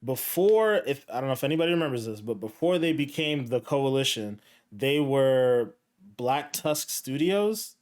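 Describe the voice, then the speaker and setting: A man's voice: medium pitch, moderate pace. Laid-back rambling male podcast host. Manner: relaxed, rambling, lots of fillers. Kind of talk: casual chat.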